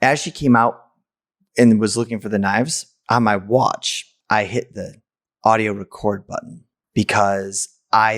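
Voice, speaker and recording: Gravelly low-voiced man telling a story. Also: fairly bright tone, no room sound, clean studio sound. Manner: candid, blunt, swears casually. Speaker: podcast host. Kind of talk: personal storytelling monologue.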